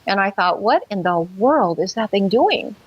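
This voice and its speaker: A woman's voice: mid-range voice, animated, normal speed, breathy edge, no room sound, lo-fi sound. A woman telling her own experience as a guest in an interview, earnest, acting out her past thoughts. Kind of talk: personal account in an interview.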